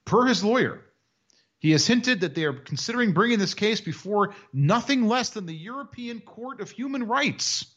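A man's voice: sits high, animated, normal speed, fairly bright tone, muffled recording. A man co-hosting a casual podcast, telling a news story with mocking sarcasm. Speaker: podcast co-host. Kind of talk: casual chat.

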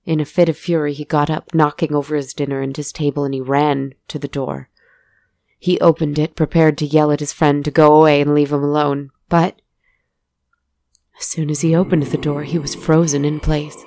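Low, creaky woman telling a story. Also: little pitch movement, moderate pace, a little mellow, dry recording. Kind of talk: scripted story narration.

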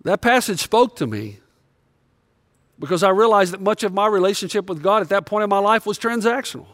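A male pastor preaching a sermon, telling a personal story in a confessional way, swinging between loud emphasis and quiet moments. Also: high-pitched, expressive, brisk, no echo, studio quality.

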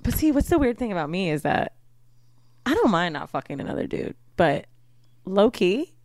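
A woman's voice: medium pitch, no echo, clean studio sound. A woman co-hosting a podcast in casual chat, blunt and profane. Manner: blunt, profane, fast and animated, acts out quotes. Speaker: podcast co-host.

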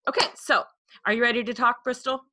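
An excitable woman hosts a casual podcast, chatting and joking with her guests. Her voice is bright and forward, heard up close on a dry microphone. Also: on the high side, fairly quick, no room sound. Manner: bubbly, excitable, teasing. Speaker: podcast host.

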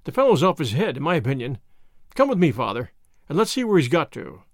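A man's voice: a little high, wildly swooping pitch, quick pace, no echo, clean studio sound, full character voice. A man reading the part of a dashing, hot-headed young man with a hasty, dismissive manner.

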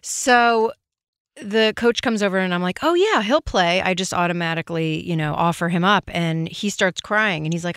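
Woman guest in her forties, bright voice, dry close mic, loud and brash. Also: on the low side, brisk, smooth, no echo. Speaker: guest, makeup artist. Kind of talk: casual storytelling.

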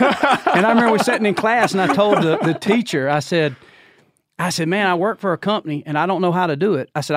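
As a podcast guest, a Southern-drawling man in his fifties from Georgia, USA, spins a long, casual story, performing quotes with dramatic pitch jumps and laughing along. The recording is clean studio sound with no room noise.

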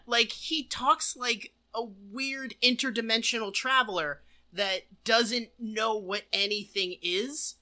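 A woman's voice: a little high, steady tone, slow pace, few pauses, pushed and bright. A woman co-hosting a casual movie-review podcast, mocking the film and swearing. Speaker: podcast co-host.

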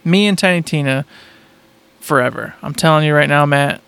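A man's voice: a little high, normal speed, gravelly, fairly bright tone, clean tone, no echo. A man co-hosting a podcast, chatting casually in a playful, joking way and laughing often. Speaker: podcast co-host. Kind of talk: casual chat.

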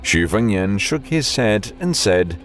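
Deep, slow male audiobook narrator. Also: very animated, faint music behind. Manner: measured storytelling.

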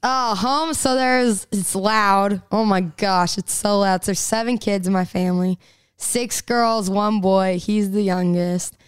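A woman's voice: medium pitch, fairly even intonation, measured pace, clean tone, no echo. A chatty 22-year-old woman from Texas, a singer talking in a radio interview, laughing often and rambling through restarts. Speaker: singer-songwriter guest. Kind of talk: casual radio interview chat.

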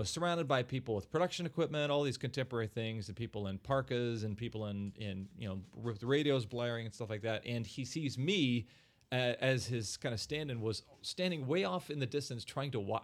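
A man's voice: mid-range voice, brisk. Middle-aged male podcast host, chatty storyteller, loose and amused. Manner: anecdotal storyteller, laughs while talking. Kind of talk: casual chat.

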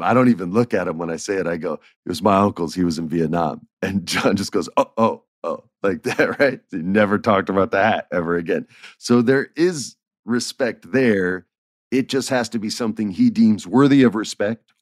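A man's voice: on the low side, moderate pace, no echo, clean studio sound. A middle-aged man casually telling stories, acting out quoted lines and laughing often. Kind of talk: casual storytelling.

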